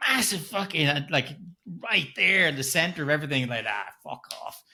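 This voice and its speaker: A man's voice: fairly high pitch, lively intonation, fairly quick, pushed and bright, a little hiss or hum. A man co-hosting a casual film review podcast, swearing freely and mocking characters' lines. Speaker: podcast co-host.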